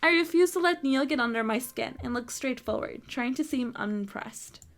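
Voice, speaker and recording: A woman's voice: sits high, animated, normal speed. A woman hosting a let's play, reading a visual novel aloud, often tripping over words and scolding herself.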